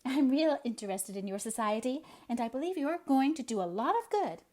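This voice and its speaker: A woman reading aloud, voicing a timid but optimistic older spinster who talks in a hurried, hopeful way. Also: high voice, animated, darkish tone, pitched above the performer's own voice.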